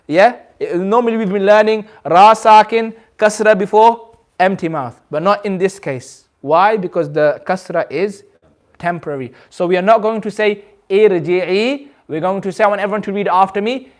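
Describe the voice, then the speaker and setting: A man with a notably high voice leads a recitation class in a community centre. He explains each rule slowly and patiently, repeats himself, and checks understanding with questions to the room. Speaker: Quran recitation teacher. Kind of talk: classroom teaching.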